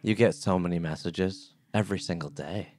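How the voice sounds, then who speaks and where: A man hosting a podcast interview, chatty and animated. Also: low-pitched, normal speed. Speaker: podcast host. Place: Brooklyn brownstone.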